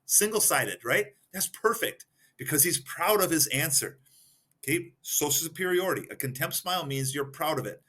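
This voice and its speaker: Man, podcast guest expert, fairly high voice, crisp bright tone, explains step by step. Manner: explains step by step, numbering points and giving examples. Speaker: guest expert in behavioral analysis.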